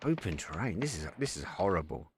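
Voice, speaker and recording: A man with a lowish voice calls a live esports match play-by-play. He talks in short, quick bursts and gets excited as the action builds. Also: slight background noise. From Essex, England. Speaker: esports caster. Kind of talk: live play-by-play game commentary.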